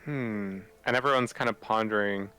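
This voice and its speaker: Bright-voiced man running a tabletop game. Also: fairly low pitch, moderate pace, smooth, soft background music. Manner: casual, loose narration. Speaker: game master.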